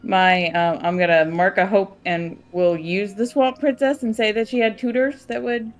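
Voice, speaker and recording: A woman playing a tabletop game, chatting casually and reacting quickly. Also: mid-range voice, steady tone. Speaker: player.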